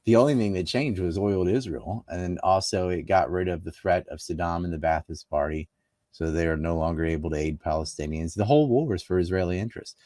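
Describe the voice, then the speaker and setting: Deep, dry-voiced emphatic man. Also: fast, mellow, dry recording. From North Carolina, USA. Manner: emphatic, argumentative, scoffing. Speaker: interview guest. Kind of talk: casual political talk.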